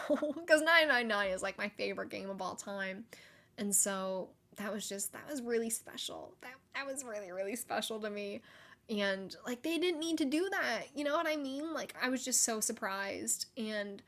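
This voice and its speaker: A young woman hosting a solo gaming podcast, chatty and excitable, with frequent likes and laughter. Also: medium pitch. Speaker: podcast host.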